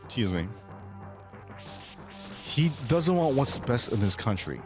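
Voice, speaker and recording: A young man ranting on his livestream at a middle pitch, swearing often and tripping over his own sentences as he pushes on. Faint music plays behind him. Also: very animated, slow pace. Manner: heated, profane ranting with frequent restarts. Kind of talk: casual chat.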